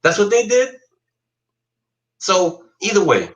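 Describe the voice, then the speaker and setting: Male livestream panelist, middle pitch, lively and incredulous. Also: slow, echoey room, muffled recording. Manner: incredulous, laughing. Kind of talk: casual discussion.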